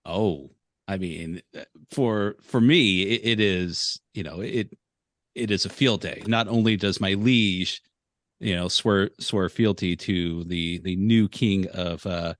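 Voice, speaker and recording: A man with a low voice speaks slowly and earnestly as a tabletop game player. He hesitates often between phrases. The sound is dry and close. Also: no room sound. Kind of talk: in-game discussion of a character.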